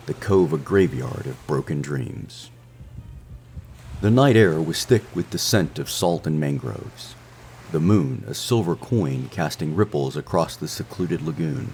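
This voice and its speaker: A man narrating a scripted romance adventure story in a measured, dramatic way. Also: very deep voice, a little mellow. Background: faint music.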